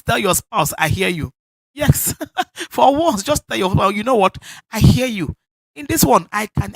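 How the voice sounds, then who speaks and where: Nigerian preacher hammering points home in a sermon, gravelly voice, dry close sound. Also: medium pitch, a bit bright, no room sound. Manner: emphatic, repeats key phrases, laughs often. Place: church service.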